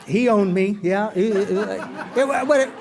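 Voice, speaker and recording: A man telling his recovery story to a meeting, earnest and animated, often repeating words as he goes. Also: sits high, unhurried, a crowd in the background.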